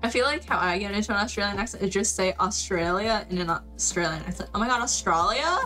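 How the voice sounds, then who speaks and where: A woman streamer in casual chat on a live stream, playful and quick to laugh. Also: medium pitch, fairly bright tone, soft background music. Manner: giggly, playful, laughs often.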